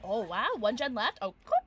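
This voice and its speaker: A young woman streaming a game from home on a desk microphone, chatting excitedly to her viewers and breaking into shouts and laughter. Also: fairly high pitch, slight background noise. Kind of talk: live gameplay commentary.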